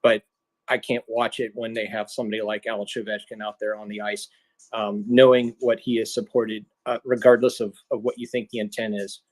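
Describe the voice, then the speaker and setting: An American man gives his opinion in an earnest, measured way on a live audio chat. His voice sits at an everyday pitch. The sound is dry, with no room echo. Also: flat delivery. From United States. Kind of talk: casual live audio discussion.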